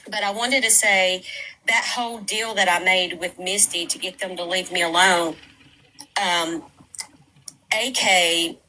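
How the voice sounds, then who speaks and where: A woman's voice: fairly low pitch, sharp tone, low-quality recording. A woman talking casually in a played clip, with hesitant fillers.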